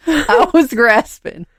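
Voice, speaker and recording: A woman's voice: sing-song, drawn-out words, no room sound. A woman with a Southern American accent, co-hosting a podcast and improvising a rambling story, hesitant and full of restarts. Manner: rambling, hesitant, voices characters with small pitch lifts. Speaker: podcast co-host.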